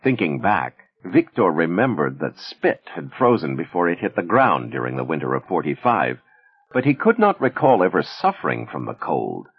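A man narrating an audiobook in a measured, expressive storytelling manner. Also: sits low, husky, muffled recording.

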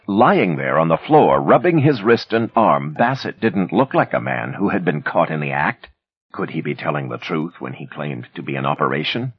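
A low, husky male voice narrates a thriller with a dramatic, lively delivery, his pitch moving widely across each sentence. The recording is dry and slightly muffled, with no room sound. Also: no echo. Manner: dramatic, expressive reading. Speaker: audiobook narrator. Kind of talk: scripted narration.

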